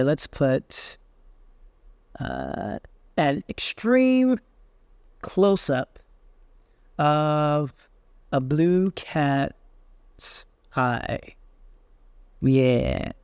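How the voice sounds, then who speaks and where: Man in a tutorial voice-over, easygoing and thinking aloud, slightly high voice, dry close recording. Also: drawn-out words, pauses often, smooth, no room sound. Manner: relaxed, thinking aloud with fillers. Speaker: tech tutorial host. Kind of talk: screen-recorded software walkthrough.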